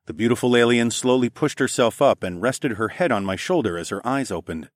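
A man narrating a first-person story in a relaxed, expressive audiobook reading. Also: medium pitch, a little fast, few pauses, no echo, clean studio sound.

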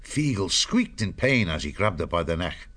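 A man narrating an animal adventure audiobook in a measured storytelling way. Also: low-pitched, sing-song, a bit bright.

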